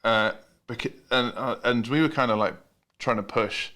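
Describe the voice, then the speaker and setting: A man's voice: mid-range voice, moderate pace, pushed and bright. A British man hosting a podcast, chatting casually, laughing easily and restarting his phrases. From United Kingdom. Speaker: podcast host. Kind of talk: casual interview chat.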